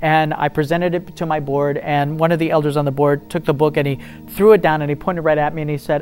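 A man's voice: a little high, fairly even intonation, fast, few pauses, darkish tone, faint music behind. A man in a faith interview, telling a story earnestly and acting out the dialogue with rising intensity. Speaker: ministry guest telling a testimony.

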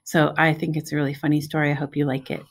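Woman, middle-aged, slightly low voice, gravelly, expressive picture book read-aloud. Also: fast. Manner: expressive, friendly, pointing out pictures. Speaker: preschool teacher reading aloud.

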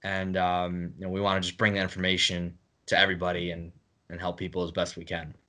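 A man's voice: low voice, completely flat delivery, fast talker, pushed and bright. A man appearing as a guest on a casual podcast, explaining things in a plain, easygoing way.

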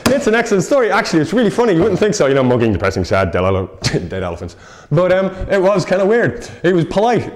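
A man, co-presenting a local TV show and telling a rambling, self-mocking comic story. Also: medium pitch.

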